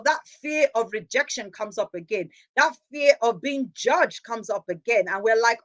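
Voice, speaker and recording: A woman's voice: on the high side, animated, normal speed, few pauses, low-quality recording. A woman in her thirties hosting a motivational podcast, speaking earnestly with rhetorical questions and repeated phrases for emphasis. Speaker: podcast host. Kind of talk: reflective motivational monologue.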